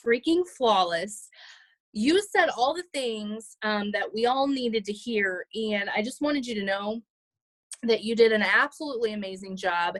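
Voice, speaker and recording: A woman on a group call, holding back tears and rambling warmly with many fillers. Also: a little high, no echo, low-quality recording. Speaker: team member on a group call. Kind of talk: emotional tribute on a group call.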